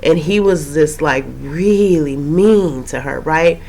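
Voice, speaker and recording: A woman recapping a TV episode in a casual, rambling way, her voice slightly hoarse after a cold. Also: low-pitched, takes it slowly, a little mellow. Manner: chatty, rambling, with frequent fillers and asides. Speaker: TV recap host.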